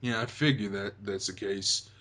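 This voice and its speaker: A man's voice: on the low side, steady tone, normal speed, fairly bright tone. A young man hosting a casual chat about a video game, rambling with many fillers and restarts. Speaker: host.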